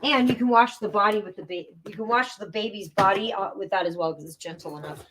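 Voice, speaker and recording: A woman co-hosting a live shopping show, chiming in with quick, casual comments. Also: medium pitch, a bit bright, slight background noise, poor audio. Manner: chimes in with quick friendly comments. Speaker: co-host. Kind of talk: casual chat.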